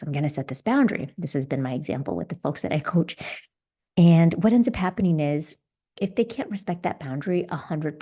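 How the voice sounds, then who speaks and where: A woman's voice: low voice, dark tone. A middle-aged woman hosting a solo podcast as a leadership coach, talking earnestly and encouragingly with everyday examples.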